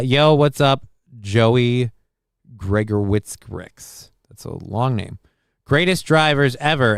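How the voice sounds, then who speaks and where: A man hosting a live call-in stream, reading out chat comments with dry deadpan humor, rambling and swearing casually. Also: medium pitch, smooth, no room sound. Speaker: livestream host reading chat.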